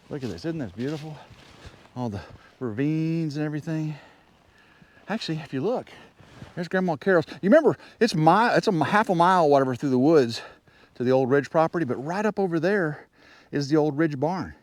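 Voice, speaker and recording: There's no echo on this clip of a vlogger trekking through snowy forest, filming on a handheld camera. His voice is a little high and brisk, slightly out of breath, excitable and rambling from thought to thought.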